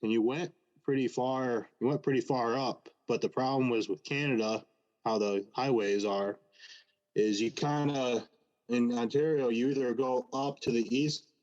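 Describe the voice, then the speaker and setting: A man calling into a podcast, speaking haltingly with many fillers in casual chat over a video call. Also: mid-range voice, darkish tone. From Michigan. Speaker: caller. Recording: muffled call audio.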